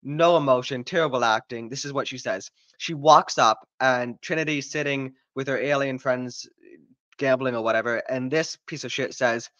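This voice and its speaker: A man's voice: medium pitch, moderate pace, bright, forceful tone, no echo, dull audio. A man ranting in a sarcastic, exasperated and profane way while reviewing a show. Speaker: video reviewer.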